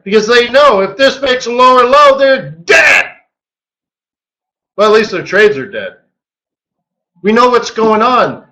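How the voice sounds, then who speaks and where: A man hosting a live trading webinar, walking through charts in an animated, joking way with lots of rhetorical questions. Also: high-pitched, low-quality recording. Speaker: forex market strategist hosting a daily webinar.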